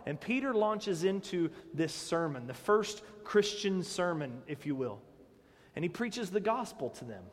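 A man with a high voice delivers a sermon in a conversational, animated way and keeps asking the congregation direct questions. His voice carries a long reverb from the church hall around him. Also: measured pace. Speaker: pastor.

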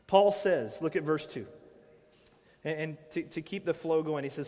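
A man preaching a sermon as pastor, emphatic, sometimes breaking into shouted answers. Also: on the high side, moderate pace. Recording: long hall reverb.

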